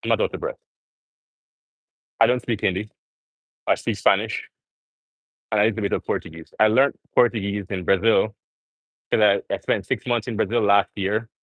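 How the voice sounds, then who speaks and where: A man's voice: fairly low pitch, moderate pace, pauses often, fairly bright tone, no room sound, low-quality recording. A young man rambling earnestly to viewers as he livestreams during a gym workout. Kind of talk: casual live-stream chat.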